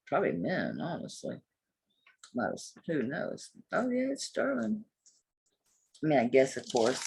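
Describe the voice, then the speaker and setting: A woman's voice: low voice, a little mellow, breathy edge. A middle-aged woman chatting casually and bluntly while selling jewelry online, swearing freely as she talks. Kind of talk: casual live sales chat.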